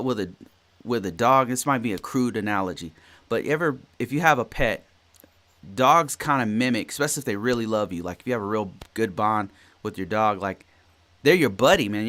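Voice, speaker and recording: A man's voice: medium pitch, a bit bright. A man in his forties hosting a podcast, telling a work story in a rambling way, often repeating and restarting phrases. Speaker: podcast host. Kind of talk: casual solo podcast talk.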